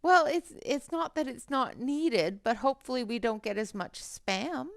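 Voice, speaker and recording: Woman, livestream host, unhurried and chatty, slight fry, headset mic, dry sound. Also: fairly high pitch, lively intonation, no echo. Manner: chatty, greets viewers by name between colouring steps. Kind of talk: casual livestream chat while colouring.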